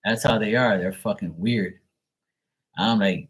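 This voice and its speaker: A man's voice: fairly low pitch, a little slow, pauses often, fairly bright tone, husky. A man chatting casually on a live stream, telling family stories in a blunt, profane, rambling way. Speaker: live stream tarot reader. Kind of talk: casual storytelling chat.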